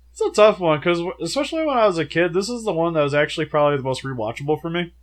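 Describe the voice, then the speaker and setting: A young man co-hosting a casual movie review, chatty and animated with lots of filler words, feeling sick. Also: fairly high pitch. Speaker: co-host of a movie review show.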